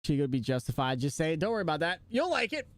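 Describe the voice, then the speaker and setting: Lively, high-voiced man streaming. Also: rapid-fire, no echo. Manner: joking, laughing often, chatting to viewers. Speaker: live streamer. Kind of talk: casual live-stream chat.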